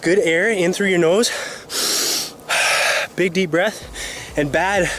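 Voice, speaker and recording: A man's voice: sits high, unhurried, a bit bright, slight background noise. A man coaching football fitness in an instructional vlog, out of breath and sighing between encouraging phrases, outdoors.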